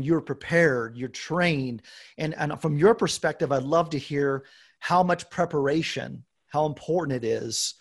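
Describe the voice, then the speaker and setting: A man in his forties hosting a podcast, telling a self-deprecating story in a lively way. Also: on the high side. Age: 40s. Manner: animated storyteller, self-deprecating, acts out quoted dialogue. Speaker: podcast host. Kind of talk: casual podcast chat.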